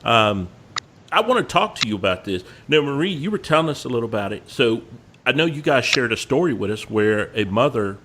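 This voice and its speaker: A man hosting a podcast, asking questions in a relaxed, conversational way. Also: medium pitch, a little fast, background noise. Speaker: podcast host. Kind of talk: casual interview questions.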